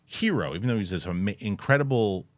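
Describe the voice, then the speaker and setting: A man hosting a casual chat show, talking in an animated, rambling way with many restarts and fillers. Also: fairly low pitch, quick pace, no room sound. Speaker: host.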